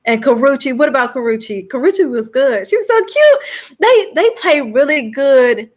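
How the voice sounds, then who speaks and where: A woman's voice: sits high, lively intonation, unhurried. A woman hosting a live movie discussion, chatting casually with viewers and laughing often.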